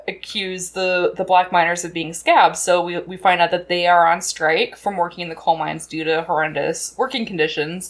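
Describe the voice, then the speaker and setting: A woman co-hosting a podcast, recapping a film in casual chat and acting out lines in quick voices. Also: fairly low pitch, fairly bright tone. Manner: chatty, laughs often, acts out quotes in voices.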